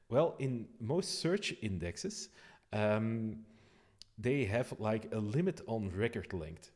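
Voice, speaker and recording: A man explaining his code on a live stream, thinking aloud with frequent pauses and restarts. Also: lowish voice, darkish tone. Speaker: developer streaming a code walkthrough.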